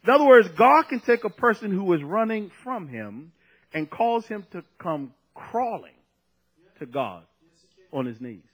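High-voiced man preaching a sermon. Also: very animated, fairly bright tone, husky, poor audio. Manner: conversational, rising to emphatic, drawn-out phrases.

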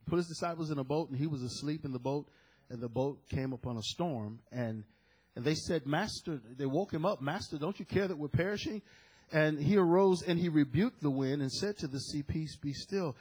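A man's voice: fairly high pitch, moderate pace, slightly rough, poor audio. A man preaching a sermon, reading scripture and calling out to the congregation. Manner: preaching with call-and-response to the congregation. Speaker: pastor.

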